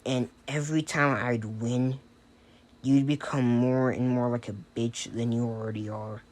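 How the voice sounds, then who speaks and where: A man's voice: medium pitch, fairly even intonation, unhurried, darkish tone, lightly acted. A man voicing a cold, scornful teenage boy hero who cuts others down with insults. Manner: contemptuous, cutting insults.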